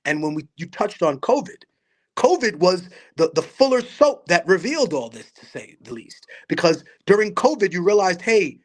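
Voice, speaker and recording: A man's voice: high voice, sing-song, moderate pace. Passionate, blunt man from Peru. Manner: passionate, storytelling, blunt and profane. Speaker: guest, rapper and activist. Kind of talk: casual podcast conversation.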